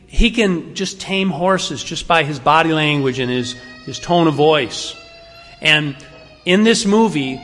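A male pastor preaches a sermon in a relaxed, conversational way, pressing hard on key words and varying his pace and volume. His voice is slightly higher than most men's. A long, lingering reverb suggests a church sanctuary.

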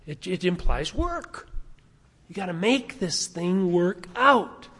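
A man's voice: sits high, big pitch swings, slow pace, fairly bright tone, slightly rough. A man preaching a sermon as pastor, speaking emphatically and stacking rhetorical questions. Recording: long reverb of a large hall.

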